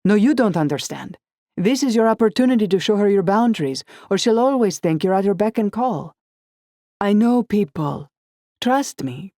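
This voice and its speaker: A woman's voice: medium pitch, animated, moderate pace, warm tone, dry recording, clean studio sound, pitched above the performer's own voice, close to an everyday voice. A woman voicing a pushy, controlling young man in an audiobook, talking down insistently. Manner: insistent, condescending. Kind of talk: audiobook dialogue.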